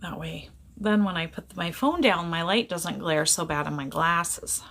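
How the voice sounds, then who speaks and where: A woman's voice: on the low side, measured pace, gravelly, fairly bright tone. A middle-aged woman talks into her phone on a casual live stream, greeting viewers one by one and rambling about small things. Her delivery is loose, chatty and playfully silly.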